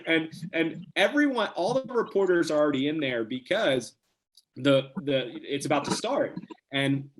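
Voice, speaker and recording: A young man from New Jersey, a podcast guest telling a casual story with lively, quick restarts. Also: on the high side. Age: young adult.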